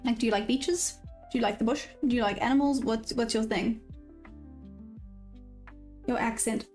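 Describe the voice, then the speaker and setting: A woman's voice: fairly high pitch, normal speed, darkish tone, faint music behind. A South African woman trading live on stream, chatting casually and answering viewers' messages. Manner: chatty, reads chat aloud and answers viewers. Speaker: livestream day trader.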